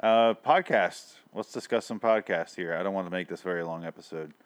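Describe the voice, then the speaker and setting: A man's voice: deep voice, fairly quick. A man co-hosting a podcast in casual, joking, sometimes profane banter. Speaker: podcast co-host. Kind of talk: casual chat.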